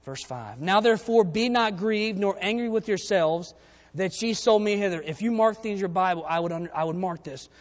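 A man's voice: high voice, brisk. A man preaching a sermon, reading scripture verses aloud and then explaining them in a conversational way. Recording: long reverb of a church hall.

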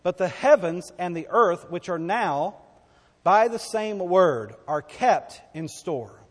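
High-voiced preacher in a reverberant hall. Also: male voice, lively intonation, slow. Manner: emphatic preaching, call-and-response questions, swings from loud to hushed. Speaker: pastor. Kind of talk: sermon.

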